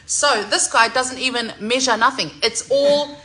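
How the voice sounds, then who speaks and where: A woman, chatting excitedly in a salon vlog, loud, laughing and swearing freely. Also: high-pitched, unhurried, rough recording. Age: 40s. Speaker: singer.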